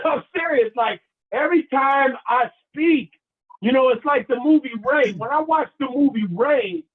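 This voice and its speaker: A man giving a motivational talk, animated and preacherly, leading his listeners in call and response and telling stories. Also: very high-pitched. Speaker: motivational speaker. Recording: tinny phone-line sound.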